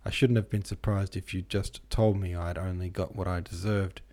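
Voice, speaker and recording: Voicing a poor, sickly young woman in an audiobook, a low-voiced man pitches a little above his deep narrating register as she replies sullenly and begs tearfully. He reads flatly at normal speed, with a darkish tone.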